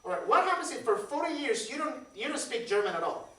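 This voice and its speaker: A man in his 30s from Puerto Rico, a native Spanish speaker, gives a chatty, conversational sermon in a church sanctuary with an extremely high pitch and quick pace. He's lively, repeats words, and questions the congregation. The recording is echoey and roomy, with the mic rather far off.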